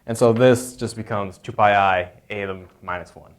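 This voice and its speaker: A man's voice: fairly low pitch, fairly even intonation, moderate pace, smooth. Hesitant man explaining math. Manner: hesitant, many fillers and self-corrections. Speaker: math tutor. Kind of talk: unscripted math lecture.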